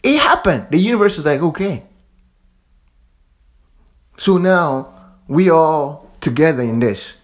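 A man's voice: fairly high pitch, expressive, normal speed. A man from Africa giving a fervent, repetitive monologue, swearing casually as he preaches. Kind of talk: impassioned monologue.

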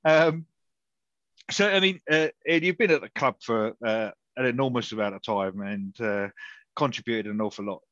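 A man's voice: mid-range voice, normal speed, a bit bright, no room sound, lo-fi sound. A man hosting a casual chat, telling rambling stories with many restarts and chuckles. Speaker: podcast host, interviewer.

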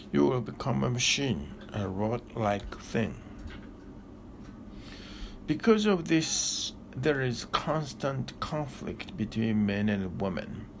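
A man giving a slow, deliberate philosophical discourse with long pauses, like a spiritual teacher. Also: on the low side, a little hiss or hum.

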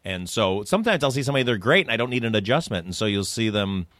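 Animated low-voiced man telling stories. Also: fast, no echo, clean studio sound. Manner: animated storyteller, acts out quotes. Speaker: film director guest. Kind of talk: casual podcast chat.

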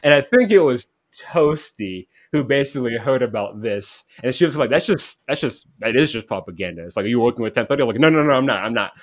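A man's voice: medium pitch, lively intonation, quick pace, hardly any pauses, no echo. A man telling a rambling, casual story about an online game, full of "like" fillers, acting out quoted voices. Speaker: podcast guest.

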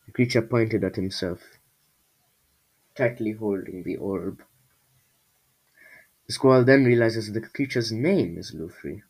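A man's voice: fairly low pitch, unhurried, long pauses, a little mellow, husky, rough recording. A man reading his own storybook aloud in a casual way, breaking off for jokey asides to his listeners. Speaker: storybook reader.

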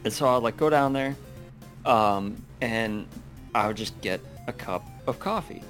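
A man's voice: medium pitch, a little slow, a bit bright, faint music behind. A man in casual chat, talking loosely with many fillers and restarts, swearing and laughing as he goes.

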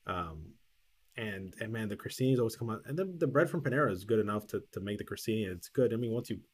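A man's voice: fairly low pitch, expressive, fast talker, breathy edge. A man co-hosting a podcast, telling a long anecdote in casual chat, with lots of restarts and acted-out quotes. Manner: rambling storyteller, lots of restarts and quoted dialogue. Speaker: podcast co-host.

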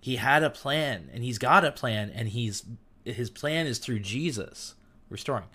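Excitable young man teaching the Bible. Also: mid-range voice, unhurried, husky. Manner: enthusiastic, gets amped and self-interrupts. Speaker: podcast host.

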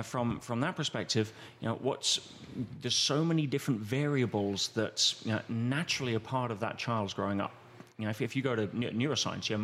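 Man, podcast guest, slightly low voice, explanatory, acts out quotes, faint background noise. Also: vocal fry, a bit bright. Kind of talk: conversational explanation.

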